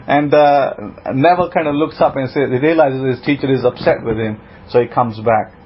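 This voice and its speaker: A male rabbi telling a story in a sermon, acting out the quoted lines with animated delivery. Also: medium pitch, normal speed. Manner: animated retelling with voiced quotes, laughs now and then. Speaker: rabbi teaching a congregation. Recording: dull lo-fi sound with faint noise.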